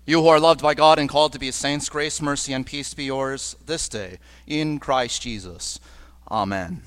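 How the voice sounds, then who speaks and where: A man preaching a sermon as pastor at a church service, earnest and slowing down on key phrases. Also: mid-range voice, a bit bright, clear, resonant tone, dry recording. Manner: earnest, with slowed emphatic phrases. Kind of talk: liturgical sermon.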